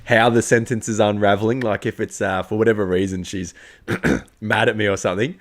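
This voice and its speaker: A man's voice: lowish voice, steady tone, brisk. A man co-hosting a casual podcast, rambling through stories and laughing often. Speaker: podcast co-host. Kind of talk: casual pub-style podcast chat.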